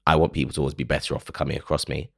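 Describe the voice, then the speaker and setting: Podcast host, male, very low gravelly voice, earnest solo reflection, dry close sound. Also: flat delivery, very fast, a bit bright, no room sound. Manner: earnest, emotional, self-questioning.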